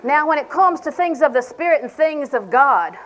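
An older woman with a drawl preaches a homespun sermon, her voice sitting a little high for a woman. She jokes with the room and slips into small acted-out exchanges. A faint hiss of room noise sits under her voice. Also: expressive, normal speed, poor audio. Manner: folksy, humorous, acts out little dialogues. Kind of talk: sermon to a women's audience.

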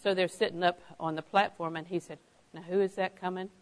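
A woman's voice: on the low side, steady tone, a little fast, rough recording. A woman preaching a sermon, stressing key phrases by repeating them and telling anecdotes with a chuckle.

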